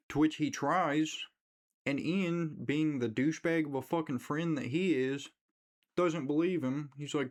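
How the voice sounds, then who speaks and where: Profane man ranting about a film. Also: a little high. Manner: rambling and profane, mimics characters in quick asides. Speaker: movie reviewer. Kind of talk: profane casual movie rant.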